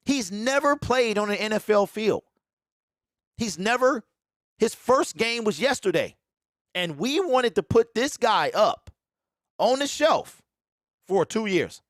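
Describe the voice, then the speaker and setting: Excitable high-voiced man. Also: slow pace, pauses often, no echo, studio quality. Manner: excitable, repeats himself, mocks fans in a mimicking voice. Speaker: sports show host. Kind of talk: casual live sports talk.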